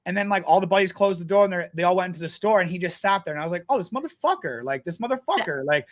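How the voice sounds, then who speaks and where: A man talking as a podcast guest, telling stories in a blunt, animated way with plenty of swearing. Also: high-pitched, racing. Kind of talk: casual storytelling chat.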